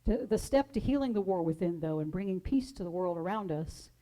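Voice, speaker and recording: A woman minister giving a sermon, telling stories in a gentle, measured way and dramatizing the quotes. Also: lowish voice, animated, low-quality recording. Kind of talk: sermon storytelling.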